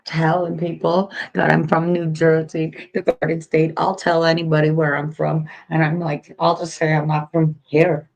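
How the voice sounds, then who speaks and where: A woman's voice: deep voice, flat delivery, moderate pace, creaky, hardly any pauses, a little mellow, lo-fi sound. A woman in casual stream chat, telling stories, cutting in and swearing. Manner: chatty, interrupts, swears.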